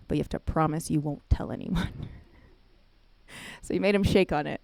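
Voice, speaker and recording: A woman giving a chapel talk, telling a family story with lively storytelling and acted-out quotes. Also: low voice, moderate pace, gravelly, pauses often, dry recording. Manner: animated storytelling, acts out quotes, laughs often. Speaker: chapel speaker.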